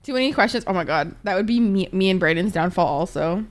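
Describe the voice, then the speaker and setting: A woman's voice: on the low side, animated, fast talker. A woman streaming live and chatting casually with her viewers, rambling laid-back and swearing freely as she answers chat messages. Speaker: Twitch streamer.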